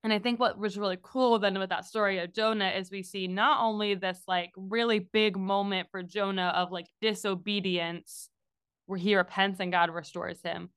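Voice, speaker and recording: A woman co-hosting a faith podcast, talking in a chatty, animated way with lots of asides. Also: medium pitch, normal speed, smooth, no echo, clean studio sound. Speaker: podcast co-host. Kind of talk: casual faith podcast chat.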